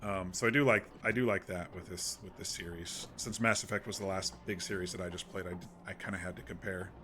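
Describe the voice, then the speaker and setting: A man's voice: sits low, steady tone, fast, bright, forceful tone. A man streaming a game, chatting casually to viewers in a soothing, rambling way with many restarts.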